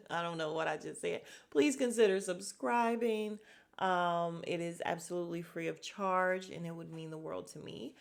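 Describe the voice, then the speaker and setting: A woman talks through a TV recap in a loose, chatty way. Her voice sits a little low, and she is blunt and fed up with the drama. She sighs and laughs as she goes. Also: moderate pace, vocal fry. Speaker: podcast host reviewing a reality show. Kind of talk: casual recap commentary.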